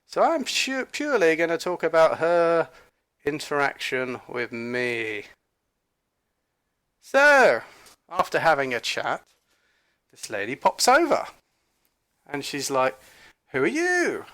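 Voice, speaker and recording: A man telling a story to camera in a rambling, halting way, with fillers, restarts and emphatic asides. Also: a little high, very animated, a bit bright. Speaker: commentator recounting an encounter.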